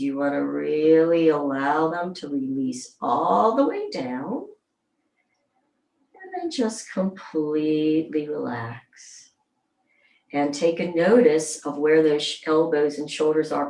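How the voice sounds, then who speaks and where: A woman leading a gentle somatic movement class, calmly guiding each move and counting slowly aloud. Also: on the low side. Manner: slow, soothing, counts aloud. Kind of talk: guided exercise class. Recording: roomy sound, mic at a distance.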